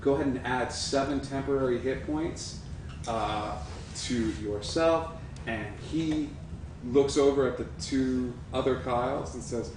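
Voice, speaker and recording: A man's voice: medium pitch, unhurried. Guy dm-ing a tabletop game, playful, mic far off in a big echoey room with noise. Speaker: dungeon master.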